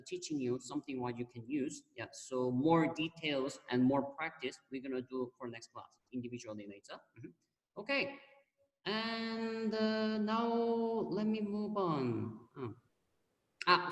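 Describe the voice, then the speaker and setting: A Korean-accented teacher explains grammar over a video call, patiently repeating words and filling pauses with soft "mm-hmm"s. The voice sits away from the microphone in a roomy space with a long, lingering echo. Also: mid-range voice. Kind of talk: online class explanation. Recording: echoey room heard from far off.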